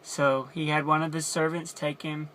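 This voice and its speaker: A man's voice: fairly high pitch, flat delivery, normal speed, pushed and bright, slight background noise. A man casually retelling a Bible story as a teacher, chatty and explaining as he goes.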